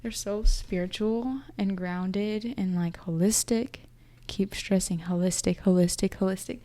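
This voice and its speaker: A young woman reads tarot cards in a loose, chatty way, thinking aloud as the messages come to her. Her voice is mellow and soft-edged, sitting at a medium pitch. She sounds emotional and intuitive, often stopping to restart a thought. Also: steady tone, a little slow. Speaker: tarot reader. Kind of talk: casual tarot reading.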